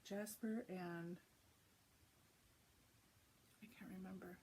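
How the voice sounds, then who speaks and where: A woman's voice: fairly low pitch, steady tone, slow, warm tone, slight background noise. A young woman chatting casually on a cross-stitch vlog, rambling through a story with lots of asides. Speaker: flosstube vlogger. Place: home, early morning.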